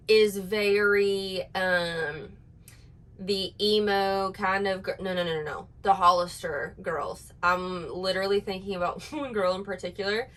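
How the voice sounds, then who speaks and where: A woman's voice: mid-range voice, poor audio. A woman giving casual reaction commentary, sarcastic and exasperated, rambling with restarts. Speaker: commentary YouTuber.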